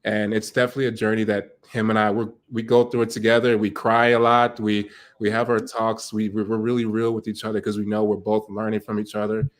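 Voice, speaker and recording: Low, flat-voiced man speaking earnestly. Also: fairly quick, few pauses. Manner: earnest, heartfelt. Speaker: guest. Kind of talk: personal conversation.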